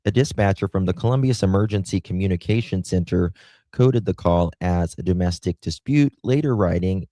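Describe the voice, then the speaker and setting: A man with a low, mellow voice reads a crime news story aloud, stumbling and restarting often and spelling out certain words letter by letter. His delivery is halting and full of fillers as he adds his own remarks. The recording is dry and close, with no room sound. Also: no echo. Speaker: true crime show host. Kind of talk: reading news aloud with commentary.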